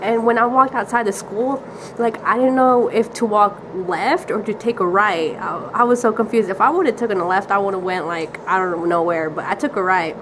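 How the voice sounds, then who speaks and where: A teenage girl rambles through a casual story, giggling and filling gaps with "like". Her voice sits at an ordinary middle pitch. There is steady hiss and background noise on the recording. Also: moderate pace. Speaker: vlogger.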